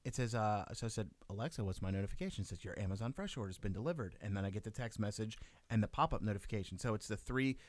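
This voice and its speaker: A man's voice: on the low side, lively intonation, very fast, hardly any pauses, dry recording. A man co-hosting a podcast, telling stories in a dry, self-deprecating way during casual banter. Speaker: podcast co-host.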